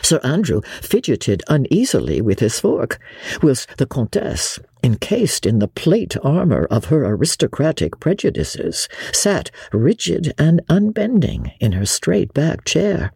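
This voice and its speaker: A woman narrating an audiobook with lively, expressive storytelling. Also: low voice, unhurried, gravelly, husky, no echo, studio quality. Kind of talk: scripted narration.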